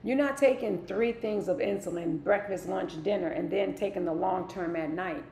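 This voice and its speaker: A woman's voice: fairly low pitch, moderate pace, gravelly, warm tone. A middle-aged woman hosting a wellness livestream, speaking emphatically and talking straight to her live viewers. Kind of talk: live-stream motivational talk. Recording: echoey room, faint ambient noise.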